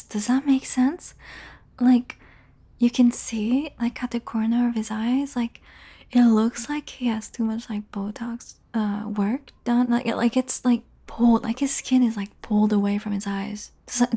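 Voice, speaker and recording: Slow, teasing young woman in audio role-play. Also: on the high side, fairly even intonation, warm tone, breathy edge. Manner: casual, teasing, swears freely, often drops to a whisper.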